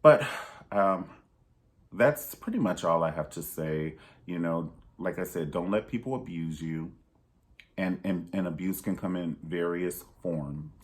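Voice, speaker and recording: A man with a deep, low-pitched voice talks candidly to his viewers. He speaks in an emphatic, preachy way, and his pitch leaps upward whenever he drives a point home. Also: measured pace. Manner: pitch jumps high for emphasis. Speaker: vlogger. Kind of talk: candid personal vlog monologue.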